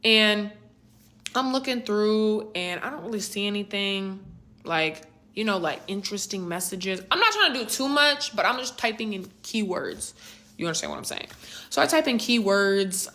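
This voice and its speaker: A woman's voice: medium pitch, moderate pace. Chatty young woman telling a storytime. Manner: casual, slangy and animated, with rhetorical asides. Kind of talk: storytime vlog narration.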